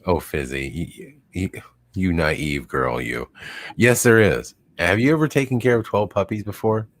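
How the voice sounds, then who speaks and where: In a dry recording, a livestream host with a low-pitched, animated voice talks at a measured pace. The casual chat meanders, broken up by chuckles and silly voices he puts on to quote dogs.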